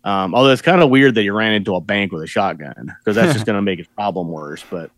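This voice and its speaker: Low-voiced man chatting about a movie. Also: quick pace, dry recording. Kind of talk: casual movie discussion chat.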